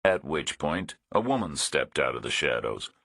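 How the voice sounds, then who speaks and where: A man narrating a thriller audiobook in a measured, understated reading. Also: very deep voice, very animated, creaky, a bit bright, breathy edge, no room sound, clean studio sound.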